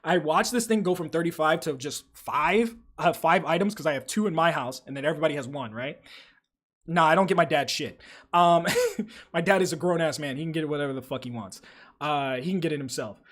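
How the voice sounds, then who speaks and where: This livestream host is a young man with a slightly high voice and a fairly quick delivery. He talks casually, cursing freely as he tells lively stories and reads out messages from chat.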